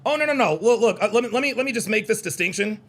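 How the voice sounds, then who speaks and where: A man's voice: sits high, animated, fast, fairly bright tone. A man hosting a live call-in stream, combative and mocking, often repeating himself as he reacts to clips and chat. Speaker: live call-in show host. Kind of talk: heated live-stream commentary.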